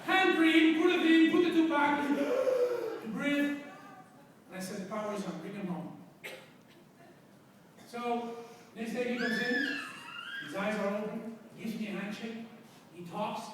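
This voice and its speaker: High-voiced man telling stories in an echoey hall. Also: a little slow, pauses often, noisy background. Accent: Spanish. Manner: animated storyteller with sudden loud bursts. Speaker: chiropractor speaking to an audience. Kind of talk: storytelling talk to a live audience. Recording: echoey hall recorded from far off.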